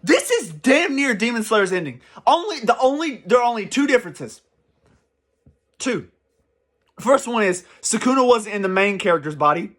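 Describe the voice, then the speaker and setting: A young man giving casual, excitable commentary as a channel host, rambling and swearing freely. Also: high-pitched, moderate pace.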